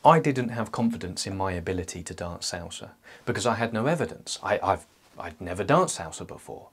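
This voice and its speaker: A young man with a fairly low, husky voice talks to his viewers. He delivers a scripted self-help monologue and breaks it up with playful, joking asides.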